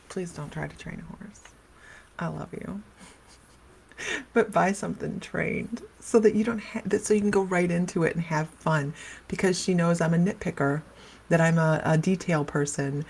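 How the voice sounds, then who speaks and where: A middle-aged woman hosting a casual livestream chat as a psychic medium, talking in a loose, wandering way and laughing often. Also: on the low side. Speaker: psychic medium and live show host.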